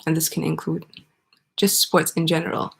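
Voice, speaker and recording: A woman teaching an online English grammar lesson, explaining step by step and pausing for student answers. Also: low-pitched, completely flat delivery, vocal fry, fairly bright tone, husky.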